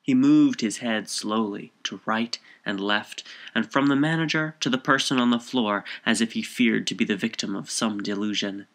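A man reading a short story aloud as narrator in a measured, composed way. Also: lowish voice, fairly bright tone.

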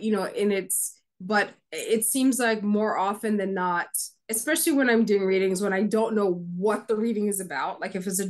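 A woman co-hosting a casual podcast as a card reader, telling stories in a direct, chatty, animated way. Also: medium pitch.

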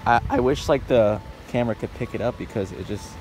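A man talking casually and excitedly to the camera in a DIY vlog while working on his truck outdoors, often saying "dude" and "bro". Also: medium pitch, brisk, faint music behind. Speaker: DIY car vlogger.

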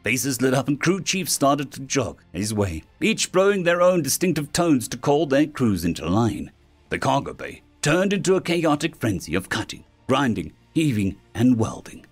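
A male narrator reads a science-fiction story aloud with a lively, expressive rise and fall. His pitch sits in a middle range for a man. Faint background music plays under the reading. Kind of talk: scripted sci-fi story narration.

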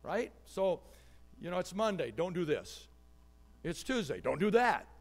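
Animated high-voiced male pastor preaching. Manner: animated storytelling with quick shifts in volume. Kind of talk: sermon. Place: church.

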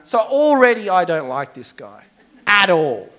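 Brief: young male pastor, high voice, animated and self-mocking in his sermon stories. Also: unhurried. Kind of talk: storytelling sermon.

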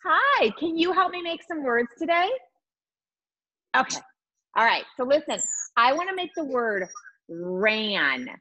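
A woman teaching a virtual lesson to young children, encouraging and sing-song, sounding out letters slowly. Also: high voice, sing-song, sharp tone, highs cut off. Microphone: video call.

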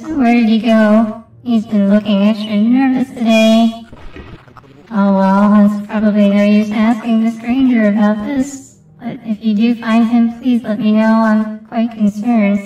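A woman voicing a worried game character who is searching for a missing friend, speaking slowly and softly. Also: fairly high pitch, flat delivery, recorded from a distance, close to an everyday voice. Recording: echoey, muffled game audio with music.

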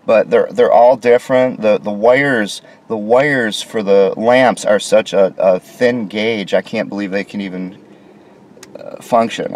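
American man, deep-ish voice, griping sarcastically while filming a hotel room. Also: darkish tone. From United States. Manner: sarcastic, indignant complaints. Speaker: vlogger reviewing a hotel room. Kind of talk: casual walkthrough narration.

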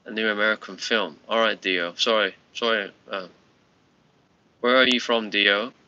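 A man's voice: lowish voice, steady tone, pushed and bright. Rambling tired man on a muffled livestream. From United Kingdom. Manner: rambling, halting, with many restarts. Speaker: livestream host. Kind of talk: casual live-stream chat with viewers.

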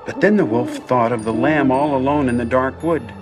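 A man's voice: mid-range voice, moderate pace. An older man giving a theatrical, playful reading of a children's story, with music behind. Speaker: guest storybook reader.

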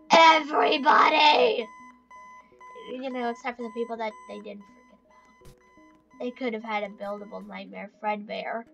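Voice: sits high, vocal fry, bright, forceful tone, lo-fi sound, heavily acted. A performer voicing a sulking, forgotten male animatronic bear in a comedic skit, talking in a whiny, rambling, self-pitying way.

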